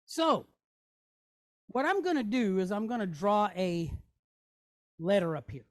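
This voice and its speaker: A woman's voice: medium pitch, big pitch swings, measured pace, darkish tone, no room sound, studio quality. A woman teaching a class in a chatty way, often checking in with "okay?" and "right?". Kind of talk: classroom lesson.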